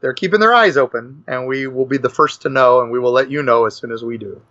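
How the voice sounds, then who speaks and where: A man's voice: medium pitch, quick pace, fairly bright tone. A man, a guest author, telling a rambling, enthusiastic story in a casual podcast chat. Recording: lo-fi dull podcast audio.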